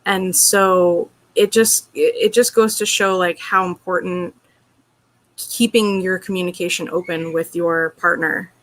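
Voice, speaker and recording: A woman's voice: on the low side, fairly even intonation, measured pace. A woman being interviewed, telling a personal story in an earnest, open way, with lots of "like" and "you know". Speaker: interview guest.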